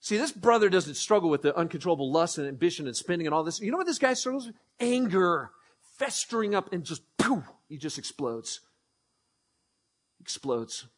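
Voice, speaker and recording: Male pastor, high voice, chatty sermon delivery with questions to the audience. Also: very animated, normal speed. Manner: conversational, asks the audience questions, acts out scripture.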